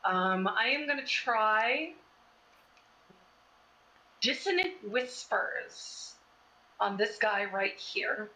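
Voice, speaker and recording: Bright, wry woman player. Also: medium pitch, lively intonation, extremely slow, pauses often, poor audio. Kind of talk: casual tabletop game play.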